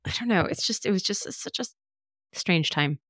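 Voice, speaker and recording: A woman's voice: mid-range voice, lively intonation, fairly quick, a bit bright, no room sound, clean studio sound. A woman hosting a podcast, telling a personal story candidly, with many fillers and restarts. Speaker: podcast host. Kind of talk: casual chat.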